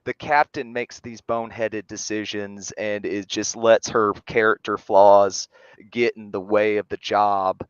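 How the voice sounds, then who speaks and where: A man co-hosting a casual show review, speaking in a measured, analytical way with frequent restarts. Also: fairly low pitch, flat delivery, smooth, dry recording, highs cut off. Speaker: podcast co-host.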